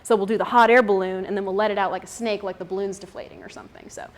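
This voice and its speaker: Young woman, casual talk to a moms' group, chatty with frequent laughs, mid pitch. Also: fairly even intonation, racing. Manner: chatty, laughs often, many fillers. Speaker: speaker at a mothers' group.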